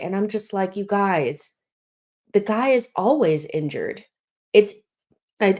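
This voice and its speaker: This young woman runs a live football fan stream, casually chatting and a bit breathless while going through viewer comments. Her voice is fairly low-pitched with a darkish tone.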